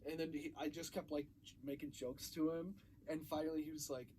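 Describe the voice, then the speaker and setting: A young man spins a lively story in a casual chat, jumping into the voices he quotes. His voice sits a bit high, and a faint hum runs under it. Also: fairly quick. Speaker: podcast co-host.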